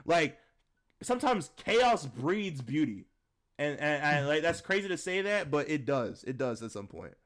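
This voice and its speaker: A young man talks through a film with a co-host in loose, slangy bursts, leaning on "like" and restarting his sentences as he gets excited. His voice sits high and swings widely in pitch. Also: unhurried. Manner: rambling, heavy use of "like", slangy, excitable. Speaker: podcast co-host reviewing a film. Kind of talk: casual chat.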